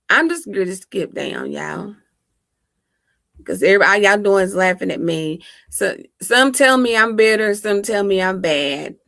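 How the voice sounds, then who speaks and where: A woman hosts a casual livestream from home and talks straight into her laptop microphone. Her voice has a gravelly fry and an easy, unhurried pace, and the sound is close and dry. She chats, teases and laughs a lot with her viewers. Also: lowish voice, fairly bright tone, no room sound. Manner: laughs often, chatty and teasing. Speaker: livestream host. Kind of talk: casual live chat with viewers.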